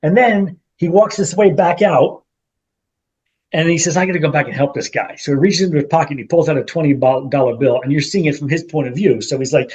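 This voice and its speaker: A middle-aged man co-hosting a podcast, telling a story with animated quotes in a casual chat between old friends. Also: on the high side, husky. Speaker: podcast co-host.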